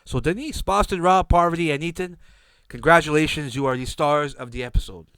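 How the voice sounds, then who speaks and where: A man's voice: on the high side, brisk, a bit bright, clear, resonant tone, no echo. A man hosting a podcast, giving a brash, sarcastic recap monologue and swearing freely. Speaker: podcast host.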